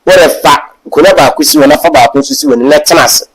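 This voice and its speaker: A young man with a Ghanaian accent preaching at a Bible class, switching between loud exhortation and quiet asides. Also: fast, vocal fry, poor audio. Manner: animated, swings from loud exhortation to low asides. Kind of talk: sermon mixing English and Twi.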